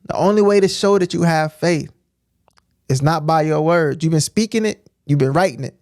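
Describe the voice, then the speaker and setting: A man with a fairly high voice gives informal preaching on a livestream, punchy and repetitive, often pausing to ask "right?". His voice is close and dry, with no room sound. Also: a little mellow, no echo. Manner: emphatic, repetitive, keeps asking "right?". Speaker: streamer teaching scripture.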